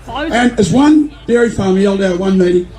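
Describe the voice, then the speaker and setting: An older man with an Australian accent, giving a fiery, indignant rally speech as a member of parliament and often shouting. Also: high voice, expressive, a little fast, soft background music. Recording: echoey room with faint noise.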